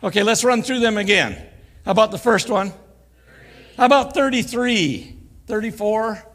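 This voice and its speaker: A man's voice: high voice, normal speed, fairly bright tone. An older man giving a folksy, joking sermon as a guest preacher, acting out quoted voices. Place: church sanctuary. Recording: church live stream with long reverb.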